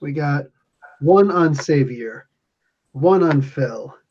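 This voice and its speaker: A man's voice: on the high side, lively intonation, takes it slowly, darkish tone, slight background noise. A man acting as game master, describing the action in a casual, rambling way with restarts. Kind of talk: running a tabletop game session. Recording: lo-fi podcast audio.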